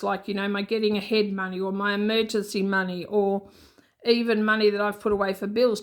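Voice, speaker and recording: An Australian woman talking in a rambling, chatty way with many asides, in an unscripted casual vlog. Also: mid-range voice. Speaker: budgeting vlogger.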